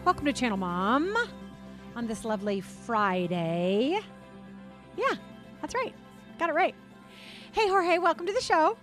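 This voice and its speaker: A woman's voice: high voice, very animated, a little slow, pauses often, a bit bright, soft background music. A middle-aged woman hosting a casual radio talk show from a studio, chatty and playful, laughing often. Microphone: studio microphone.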